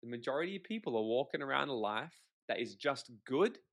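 A man, a podcast guest, telling stories in a lively conversational way, swearing casually and acting out quotes. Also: mid-range voice, brisk, creaky. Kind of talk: animated conversational storytelling.

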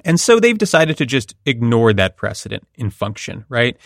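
A man's voice: medium pitch, very animated, normal speed, creaky, a bit bright, no room sound, clean studio sound. A man hosting a podcast, explaining a court ruling in a wry, conversational way. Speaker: podcast host. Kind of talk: legal analysis chat.

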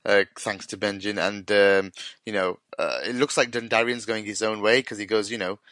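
Bright, dry-voiced man chatting. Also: fairly low pitch, steady tone, normal speed, no room sound. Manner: loose and sweary, laughs often. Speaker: podcast co-host. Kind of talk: casual chat recapping a TV episode.

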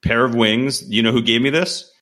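A man's voice: medium pitch, fairly even intonation, moderate pace, fairly bright tone. A man hosting a casual podcast, asking guests leading questions in a friendly, conversational way. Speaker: podcast host. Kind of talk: casual interview chat.

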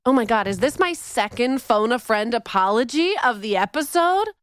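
A Canadian-born woman hosting a podcast, talking in an animated, playful, theatrical way. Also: on the high side, moderate pace, music in the background. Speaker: podcast host. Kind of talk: casual podcast chat.

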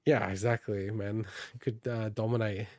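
A man's voice: fairly low pitch, flat delivery, measured pace, dry recording, clean studio sound. A man co-hosting a gaming news podcast, chatting casually, laughing often and interrupting himself. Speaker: podcast co-host reading the news.

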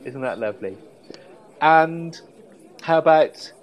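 A man co-hosting a podcast, chatting casually and telling stories with a relaxed, relishing delivery. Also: mid-range voice, normal speed, low-quality recording. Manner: relaxed storytelling, savoring quotes. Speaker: podcast co-host. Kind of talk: casual chat.

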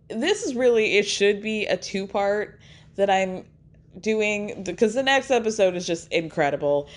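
A woman hosts a loose, chatty recap, her voice lifting high whenever she acts out someone's lines. She laughs often and keeps the energy animated. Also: measured pace. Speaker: podcast host recapping reality TV. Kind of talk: casual chat recap.

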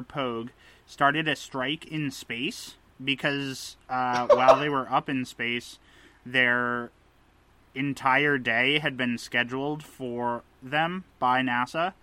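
A man co-hosting a podcast, chatting casually with friends. His voice is bright and forward, and he keeps things playful, laughing at his own jokes. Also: mid-range voice. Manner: playful, jokey, quick to laugh. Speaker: podcast co-host. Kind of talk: casual chat.

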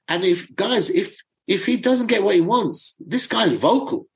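A middle-aged man chatting to viewers as a football fan commentator, excitable and chatty, often stumbling over names. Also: high-pitched, unhurried, low-quality recording. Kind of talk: casual chat to viewers.

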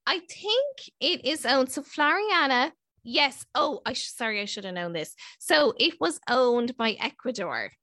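Woman podcast host, bright voice, dry close sound, chatty and jokey. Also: high-pitched, expressive, dry recording. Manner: chatty, self-mocking, quick asides. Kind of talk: casual chat and storytelling.

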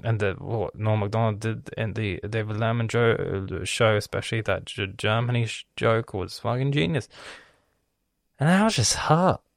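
A young man talking in a casual, rambling monologue, cursing often and filling pauses with ums and restarts. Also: on the low side, steady tone, vocal fry, no room sound, studio quality. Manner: profane, rambling, with many fillers and restarts. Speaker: vlogger.

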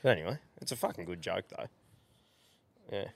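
A man's voice: deep voice, animated, fairly quick, gravelly, slightly rough. A man with an Australian accent, hosting a podcast. He chats casually with easygoing, sweary banter. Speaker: podcast host. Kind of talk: casual chat.

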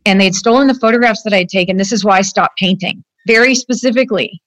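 Talking fast in a fairly bright mid-range voice, a woman in her fifties recounts her own experience during a conversation, speaking straight to the hosts. She's earnest and emotional, leaning on "like" and "you know," and the recording has no echo.

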